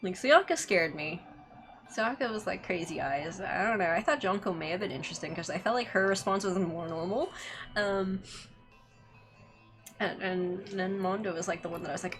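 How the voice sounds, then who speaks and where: A woman giving loud, animated let's play commentary, swearing freely and yelling at the game. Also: lowish voice, normal speed, soft background music. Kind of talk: game commentary while reading aloud.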